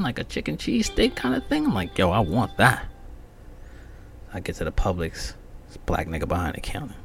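A man on his solo podcast, ranting casually and cursing freely. His pitch leaps up and down as he gets worked up, and he tells the story with heated, animated irritation. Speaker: podcast host.

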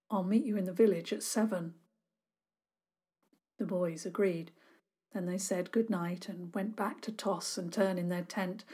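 A woman storyteller narrating a scripted children's story in an expressive, animated way. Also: medium pitch.

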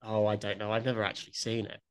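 A man's voice: on the low side, monotone, quick pace, clean tone. A man co-hosting a podcast, chatting casually and laughing often as he tells stories. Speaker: podcast co-host. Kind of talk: casual chat.

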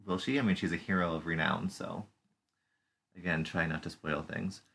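Man, very low voice, casual playful co-host. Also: steady tone, normal speed, vocal fry, a bit bright, slightly rough. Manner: playful, puts on silly voices and puns. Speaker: podcast co-host. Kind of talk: casual chat recapping a TV episode.

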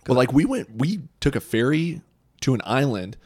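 A young man hosting a casual podcast chat, relaxed and quick to laugh, with lots of filler "like". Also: medium pitch, husky, no echo, clean studio sound. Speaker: podcast host.

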